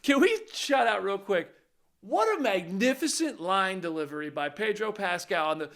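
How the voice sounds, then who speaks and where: Podcast cohost guy, bright gravelly voice, sarcastic casual chat. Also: sits high, expressive, normal speed. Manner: wry, sarcastic storyteller. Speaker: podcast co-host.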